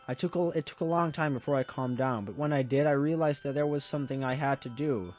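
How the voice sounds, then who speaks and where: A man's voice: mid-range voice, fast, few pauses, a little mellow, faint music behind. A young man reading a visual novel aloud, tearful, his voice breaking as he narrates earnestly. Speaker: gaming YouTuber.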